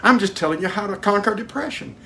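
A man preaching a sermon, asking his listeners direct questions and swinging between loud emphatic highs and hushed low prayer. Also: lively intonation, quick pace, vocal fry.

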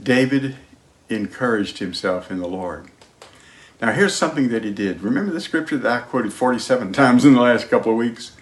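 A man's voice: medium pitch, lively intonation, fairly quick. Preaching man, emphatic and dynamic. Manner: emphatic preaching, shifts between loud and hushed; sings hymn lines. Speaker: pastor. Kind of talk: sermon.

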